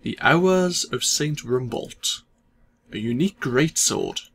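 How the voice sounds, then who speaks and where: A man hosting a let's play, casually commenting on his gameplay in a relaxed, self-deprecating way, thinking aloud as he goes. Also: medium pitch, takes it slowly, vocal fry, slightly rough.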